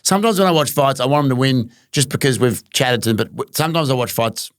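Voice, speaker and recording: Rambling bloke, dry sound. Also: male voice, medium pitch, quick pace, no room sound. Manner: rambling, restarts sentences, laughs often. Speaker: podcast co-host. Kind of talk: casual chat.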